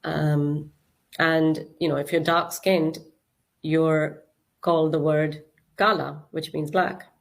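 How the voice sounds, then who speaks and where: A woman reflects in a thoughtful, hesitant way, pausing with fillers as she works through her point. Her voice sits low for a woman. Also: flat delivery, gravelly.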